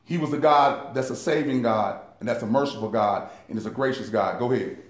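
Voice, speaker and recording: A man's voice: mid-range voice, fairly quick, reverberant. A man teaching a Bible study in an impassioned preaching style, calling his listeners saints. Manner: impassioned, addresses listeners as saints, rises in fervor.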